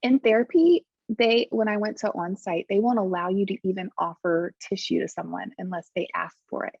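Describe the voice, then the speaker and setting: A woman's voice: medium pitch, moderate pace, gravelly, darkish tone, breathy edge, no echo. A woman speaking as a podcast guest, earnest and heartfelt, leaning hard on the words she cares about. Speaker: guest, coach. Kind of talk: casual podcast conversation. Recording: dull lo-fi remote audio.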